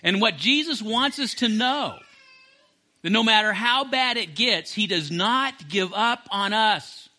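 A male preacher with a high, sharp, tense voice delivers an impassioned sermon. He loops back over phrases and restarts lines as he drives each point home. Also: expressive, measured pace. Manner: impassioned, repeats phrases and restarts mid-sentence.

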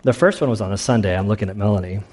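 A man's voice: on the low side, very fast. A man preaching a sermon as pastor, telling stories in a loose, casual way and acting out what people said. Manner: casual storytelling, animated retellings.

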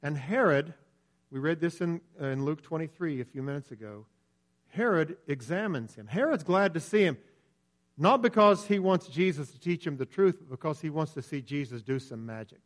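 An earnest male preacher delivering a sermon. His voice sits fairly high for a man, and he presses his points with emphasis. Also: animated, normal speed.

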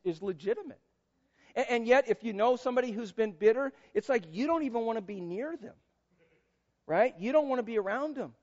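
A middle-aged man preaches a sermon to his congregation, breaking off for playful asides and little acted-out voices. His voice sits fairly high for a man. The church recording sounds dull and lo-fi. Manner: playful, joking asides, acts out quoted voices. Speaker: pastor. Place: church sanctuary.

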